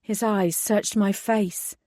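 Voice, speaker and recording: A woman's voice: mid-range voice, fairly even intonation, dark tone, no echo, clean studio sound. A woman reading a first-person audiobook, narrating steadily and giving the heroine's lines emphatic force. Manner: measured narration with emphatic dialogue.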